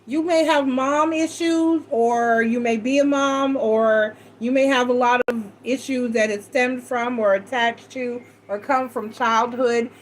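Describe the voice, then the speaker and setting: A woman's voice: fairly high pitch, fairly even intonation, measured pace, few pauses, poor audio. A woman giving a casual, rambling tarot reading, frank and a bit salty, acting out quoted talk with a raised voice. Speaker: tarot reader.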